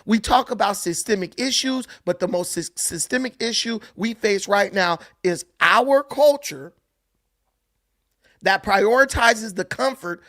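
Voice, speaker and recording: A man's voice: high voice, a little slow, a bit bright. A man delivers heated opinion commentary straight into the mic, sarcastic and preachy. The sound is close and dry with no room echo. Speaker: commentary host.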